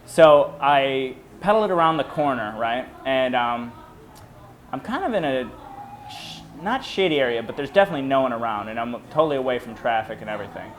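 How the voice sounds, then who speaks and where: Animated man telling a story. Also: medium pitch, fairly quick, slight background noise. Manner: animated, acts out quoted voices. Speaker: moped club member. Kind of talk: casual storytelling interview.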